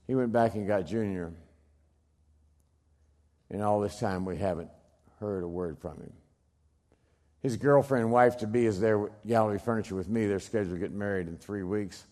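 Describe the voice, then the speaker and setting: A middle-aged man giving a dramatic storytelling speech, emphatic, swinging from loud bursts to hushed low lines. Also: moderate pace, pauses often. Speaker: speaker telling a personal story.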